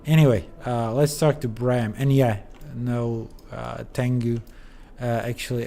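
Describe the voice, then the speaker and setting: A man's voice: medium pitch, lively intonation, a little slow, mellow, slight background noise. A sleepy man streaming a video game, rambling through commentary with lots of fillers. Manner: rambling, hesitant, many fillers. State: sleepy, yawning. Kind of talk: casual let's play commentary.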